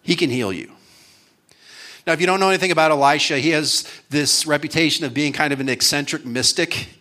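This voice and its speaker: A man's voice: fairly high pitch, steady tone, fast, bright, forceful tone. A man speaking at a conference, casually and jokily retelling a Bible story, with many fillers. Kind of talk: storytelling sermon.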